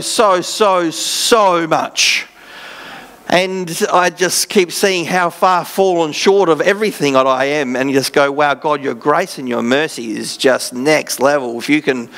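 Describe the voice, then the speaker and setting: An Australian pastor preaches in an earnest, conversational manner, sprinkling in self-deprecating asides. His voice is a little high and a bit bright.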